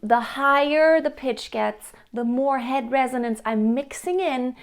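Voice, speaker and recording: A woman vocal coach with a high, light speaking voice, giving a singing lesson. She explains each point plainly and steps into quick sung examples to show what she means.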